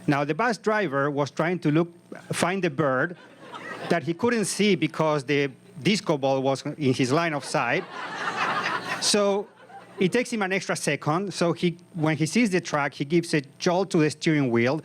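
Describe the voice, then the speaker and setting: A man's voice: a little high, measured pace, slight background noise. A man in his fifties performing a live comic story on a comedy club stage, with vivid, punchy narration into a stage microphone.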